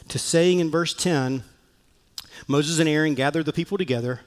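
A male pastor delivers a sermon in a lively, animated way, slipping into the voices of the people he quotes. His voice sits somewhat high for a man. A long reverb from the church hall trails each phrase. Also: moderate pace. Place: church sanctuary.

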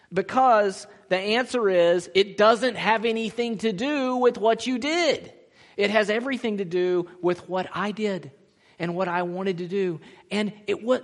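Pastor guy preaching, bit high voice, lively, acts out the quotes, echoey church hall. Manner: animated, acts out quoted voices, laughs often. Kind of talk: sermon. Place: church sanctuary.

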